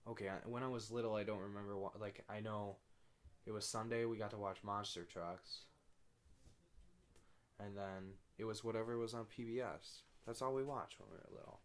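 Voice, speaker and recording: Low-voiced young man, blunt podcast chat. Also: steady tone, normal speed. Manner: blunt, repeats "I don't know". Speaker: podcast co-host. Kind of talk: casual chat. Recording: faint background noise.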